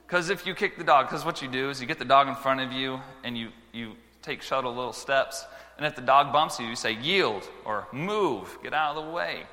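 A man preaching a sermon to schoolchildren, telling stories with lively swings between loud exclamations and quiet earnest moments. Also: medium pitch, fairly quick, long reverb tail. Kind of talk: sermon with storytelling.

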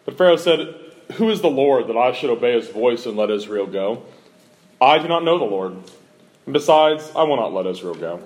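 Male pastor, church pulpit, steady mid-pitched voice, sermon delivery. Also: moderate pace. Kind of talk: sermon with scripture reading.

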